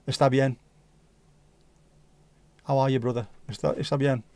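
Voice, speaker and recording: This livestream host is a man whose mid-range voice has a dark tone and a steady delivery at a moderate pace, recorded without echo. Casually, he works through viewer comments with playful banter, now and then switching into snippets of Dutch or Spanish.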